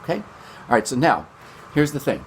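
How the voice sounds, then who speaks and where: A man's voice: mid-range voice, very animated, moderate pace, slight background noise. A man teaching a string lesson from his basement, upbeat and chatty, counting beats aloud. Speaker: music teacher. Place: home basement.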